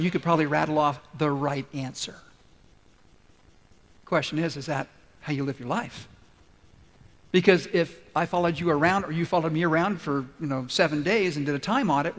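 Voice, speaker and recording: A man preaching a sermon in a high, bright voice, animated as he acts out each exchange of the story. His words ring through a large church hall with a long, trailing reverb. He speaks as the congregation's pastor. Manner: animated storytelling, acting out dialogue.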